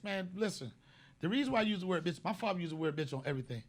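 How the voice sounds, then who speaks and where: A man hosting a comedy podcast, telling stories in a casual, profane way and bursting into loud shouted bits. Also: fairly high pitch, expressive, rapid-fire, vocal fry.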